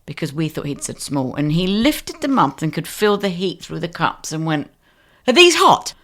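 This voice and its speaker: A woman's voice: low voice, animated, normal speed. A woman co-hosting a podcast, telling work stories in casual chat and laughing often. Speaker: podcast co-host.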